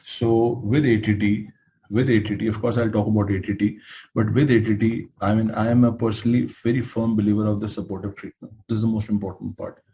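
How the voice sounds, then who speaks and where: Middle-aged male lecturer, Indian English accent, emphatic storyteller, narrow and steady intonation. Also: lowish voice, a little fast, slight background noise. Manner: animated storytelling, emphatic and exasperated. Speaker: medical lecturer. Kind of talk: lecture with acted patient dialogues.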